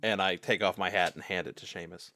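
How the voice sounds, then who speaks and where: A man playing a tabletop game who speaks in halting, stammering restarts. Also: low-pitched, steady tone, sharp tone, no room sound. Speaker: player.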